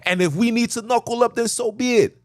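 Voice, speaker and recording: Agitated high-voiced man ranting in a car. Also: fairly quick, no room sound, studio quality. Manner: fervent, preachy, repetitive. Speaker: podcast host. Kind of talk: impassioned rant.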